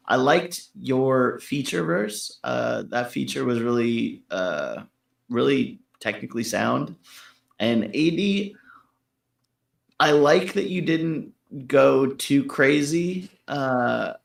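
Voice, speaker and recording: A man with a gravelly, creaky voice talks slowly and in a laid-back way, trailing off into fillers. He is critiquing a song on a casual show. His voice bounces around an echoey room. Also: mid-range voice. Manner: laid-back, rambling with fillers, laughs at his own jokes. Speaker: co-host reviewing listener tracks.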